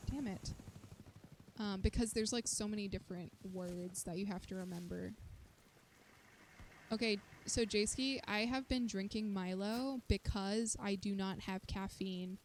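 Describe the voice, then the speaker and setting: A woman immunologist streaming a shooter game, chatting to viewers and yelping when things go wrong. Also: mid-range voice. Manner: excitable, yelps and chatters to viewers while playing. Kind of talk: live-streamed gameplay commentary. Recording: loud game noise behind voice.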